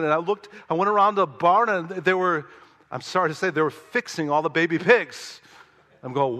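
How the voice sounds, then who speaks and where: A male pastor from Chicago preaching a sermon, telling stories in an animated way and acting out his own thoughts with rising emphasis. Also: sits high, moderate pace, long reverb tail.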